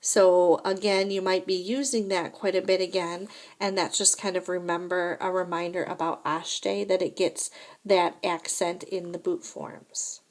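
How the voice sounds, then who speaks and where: A woman's voice: fairly low pitch, level tone, moderate pace. A woman teaching a recorded French lesson, explaining grammar step by step and checking in with "right?" and "okay?".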